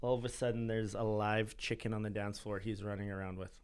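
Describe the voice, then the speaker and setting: A man's voice: lowish voice, fairly quick, clean tone. A Canadian man telling a wedding story in casual chat with friends, laughing as he goes. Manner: animated, laughs through his stories. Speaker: podcast guest.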